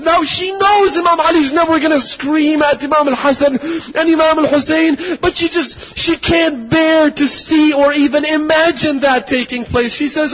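A man preaching a sermon, telling a story with rising passion and crying shouts. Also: extremely high pitch, moderate pace. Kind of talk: impassioned religious sermon. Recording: dull lo-fi recording.

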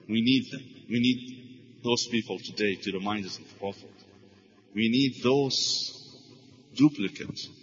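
A man's voice: medium pitch, a bit bright, long reverb tail, muffled recording, slight background noise. Earnest man giving a religious lecture. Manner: earnest storytelling, with Arabic phrases.

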